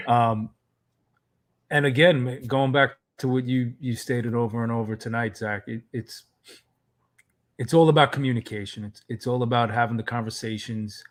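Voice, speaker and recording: Easygoing reflective dad co-host. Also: male voice, medium pitch, fairly even intonation, normal speed, long pauses. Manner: reflective, many "um" fillers, easygoing. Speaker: co-host, fatherhood coach. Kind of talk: live Q&A advice talk.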